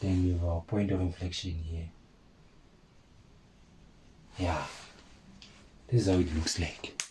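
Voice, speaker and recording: A man's voice: low-pitched, flat delivery, normal speed, darkish tone, a little hiss or hum, poor audio. A man teaching a maths lesson, talking informally to his viewers and repeating key points. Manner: chatty, addresses viewers as guys, repeats himself. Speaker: maths tutor.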